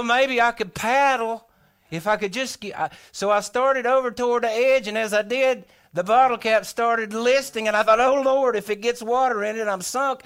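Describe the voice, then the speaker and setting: A man spins a comic tall tale. His voice sits high, and he tells it in a folksy, animated way, voicing his own panicked thoughts as he goes. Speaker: storyteller. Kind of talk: humorous tall tale told on stage.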